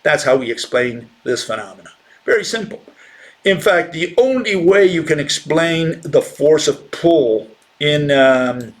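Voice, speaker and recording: A slightly high-pitched man explains science in a loose, lecturing way. He is blunt and scornful of other theories, firing rhetorical questions. His talk halts often, with fillers and restarts. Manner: halting, many fillers and restarts.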